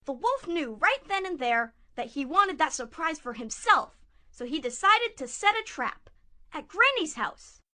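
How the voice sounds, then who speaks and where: A woman narrating a puppet show fairy tale in a playful, expressive way. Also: sits high, unhurried.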